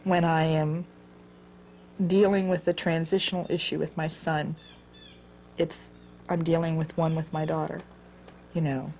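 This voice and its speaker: A woman in her forties telling her own life story in an earnest, halting way, repeating words as she goes. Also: sits low, level tone, a little mellow, a little hiss or hum. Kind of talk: personal storytelling.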